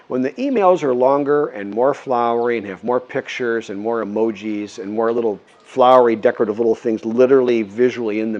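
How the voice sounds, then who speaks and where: A man's voice: lowish voice, darkish tone, highs cut off. A man vlogging, telling a story in a rambling, earnest way with many restarts. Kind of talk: casual storytelling to camera.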